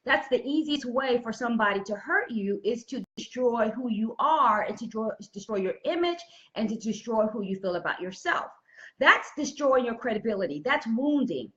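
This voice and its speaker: High, lively woman giving a preachy talk. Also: moderate pace, dull audio. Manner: preachy, repeats key phrases, greets viewers by name. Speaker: motivational speaker. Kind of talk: inspirational talk on a live stream.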